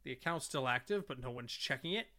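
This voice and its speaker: Bright-voiced man telling stories. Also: mid-range voice, quick pace. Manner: animated storyteller, swears freely. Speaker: podcast co-host. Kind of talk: casual podcast chat.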